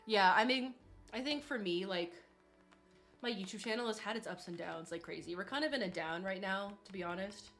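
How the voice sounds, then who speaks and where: A woman's voice: medium pitch, quick pace, fairly bright tone, faint music behind. A young woman streaming, chatting casually and reading chat aloud, saying "like" a lot and laughing often.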